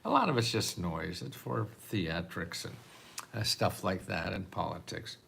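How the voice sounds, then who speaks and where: An older man speaks in a low, gravelly voice, rambling and restarting his sentences while he makes his point. He chuckles softly between thoughts, and a faint hiss of noise sits under the recording. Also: expressive, unhurried. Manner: rambling, repeats words, often laughs softly. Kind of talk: casual monologue to camera. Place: apartment in a city.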